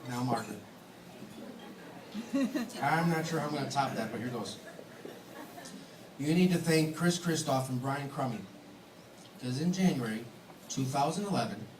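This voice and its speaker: Standing in a large banquet hall, a groom gives his wedding speech, joking and teasing amid laughter. His voice is medium-pitched and far from the mic, and the hall is echoey, with background noise and the microphone picking him up from afar.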